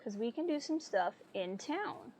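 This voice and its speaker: A woman's voice: on the high side, big pitch swings, a little slow, darkish tone, no room sound. Chatty young woman streaming a game. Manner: chatty, playful. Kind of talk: live stream commentary.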